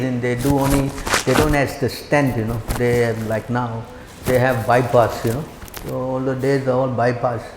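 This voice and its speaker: A man's voice: mid-range voice, creaky. Older man preaching in an echoey hall. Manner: animated, acts out quoted speech, fires rhetorical questions. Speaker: monk lecturing on scripture. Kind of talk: sermon with storytelling. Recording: echoey hall with faint background noise.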